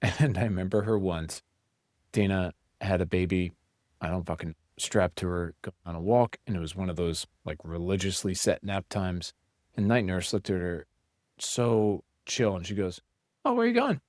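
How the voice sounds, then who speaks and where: A man's voice: sits low, normal speed, no room sound, clean studio sound. A middle-aged man co-hosting a podcast, chatting casually and telling stories in a blunt, profane way. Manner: profane, blunt, animated storyteller. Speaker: podcast co-host. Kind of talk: casual chat.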